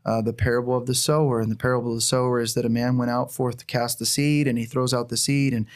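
A man's voice: mid-range voice, level tone, fast. Earnest man sharing a heartfelt testimony. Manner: earnest, heartfelt storytelling with frequent restarts. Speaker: church planter. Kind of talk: personal testimony in a conversation.

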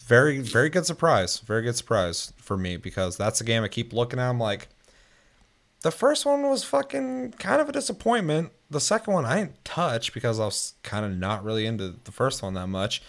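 A man's voice: lowish voice, animated, brisk, few pauses, fairly bright tone. A young man hosting a casual gaming podcast, laid-back and swearing freely as he rambles. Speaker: podcast host.

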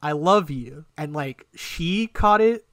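A young man casually telling a personal story on a podcast, animated and emotional, swearing often. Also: fairly high pitch, slow, no room sound, clean studio sound. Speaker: podcast co-host.

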